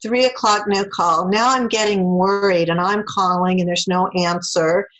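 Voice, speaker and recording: A woman's voice: medium pitch, moderate pace, muffled recording. A woman, an interview guest, telling a personal story in a casual way and acting out the lines of the people in it. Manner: animated, acts out quoted dialogue.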